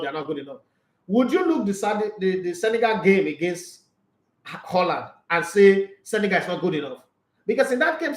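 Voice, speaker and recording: A man's voice: sits high, roomy sound, rough recording. A Nigerian man hosting a sports talk show, giving blunt, emphatic opinions in casual commentary.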